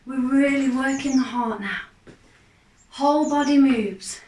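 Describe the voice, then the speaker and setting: A woman, a fitness instructor, calmly guiding a gentle exercise class with steady, encouraging cues. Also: high voice. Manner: calm, encouraging, unhurried cues. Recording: echoey room, mic far off.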